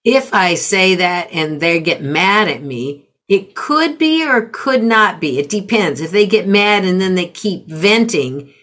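Middle-aged woman, parenting coach, lowish voice, unhurried teaching delivery. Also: animated, a bit bright. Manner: measured, explains with example phrases. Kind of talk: conversational teaching.

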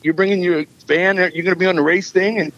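A man's voice: high-pitched, fairly even intonation, fast, a bit bright, dull audio. A man, a musician and filmmaker, telling rambling stories in casual chat and acting out what people said. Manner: rambling storyteller, acts out quotes.

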